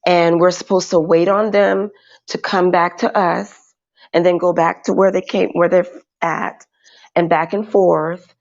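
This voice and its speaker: A woman speaking as a panel guest in a casual online chat, hesitant and halting with many fillers. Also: lowish voice, level tone, gravelly, darkish tone. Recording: dull lo-fi audio.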